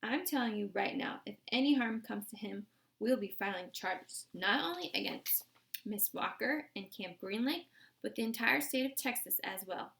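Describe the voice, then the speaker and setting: A woman voicing a brash female defense lawyer who makes sharp, threatening legal demands. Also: mid-range voice, expressive, moderate pace, vocal fry. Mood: forceful.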